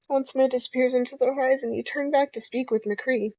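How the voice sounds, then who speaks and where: A woman's voice: sits high, fairly even intonation, a little fast, hardly any pauses, a little mellow, no room sound. A young woman playing a dating game aloud, reading the narration and joking playfully with frequent laughs. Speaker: gamer. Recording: dull lo-fi home recording.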